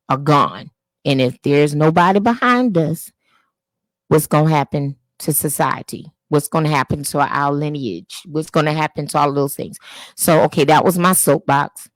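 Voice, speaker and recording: A woman's voice: deep voice, no room sound. A woman hosting a live-streamed podcast introduction, speaking in an earnest, preachy way and appealing straight to church people. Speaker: podcast host. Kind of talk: casual live-stream monologue. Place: home setup, Facebook live stream.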